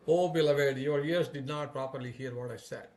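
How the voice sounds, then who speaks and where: A man voicing a charming young male divine lover who flatters and pleads in a raised, louder voice. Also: medium pitch, moderate pace, natural voice. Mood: coaxing.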